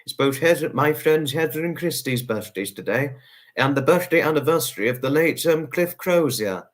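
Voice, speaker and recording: A man's voice: a little high, expressive, normal speed. A man hosting a live stream, greeting viewers one by one and thanking them at length, repeating himself and drawing out names. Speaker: livestream host.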